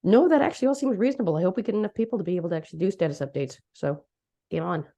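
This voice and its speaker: A woman with a slightly rough voice, chatting casually and self-deprecatingly while opening a meeting. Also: fairly low pitch, rapid-fire, warm tone, lo-fi sound. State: voice still rough from losing it. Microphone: clip-on mic in a conference room.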